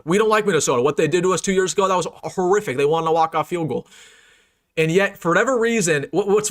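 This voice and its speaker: A man's voice: a little high, fairly bright tone. A young man hosting a live-streamed sports reaction, ranting in an emphatic, repetitive, frustrated way. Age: young adult. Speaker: sports fan channel host.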